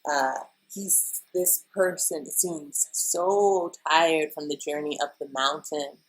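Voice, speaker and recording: A woman's voice: deep voice, fairly even intonation, slow pace, rough recording. Chatty woman giving a tarot reading. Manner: chatty, emotional, addresses viewers as y'all. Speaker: tarot reader. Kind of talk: casual weekly tarot reading.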